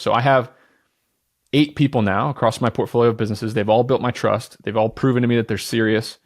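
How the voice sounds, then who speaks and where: Thirties male podcast host, energetic, candid, swears casually, mid pitch. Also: fairly quick. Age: 30s. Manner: blunt, candid, swears freely; energetic and confident.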